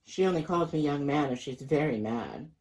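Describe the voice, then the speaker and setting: A man reading a children's picture book aloud in a lively, expressive storytelling voice. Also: on the high side, normal speed, rough recording. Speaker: storybook reader.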